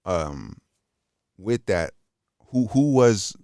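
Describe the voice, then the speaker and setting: Deep-voiced laid-back male podcast host. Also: sing-song, very slow, warm tone, no echo, studio quality. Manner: laid-back, laughs often, casual slang. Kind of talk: casual podcast interview.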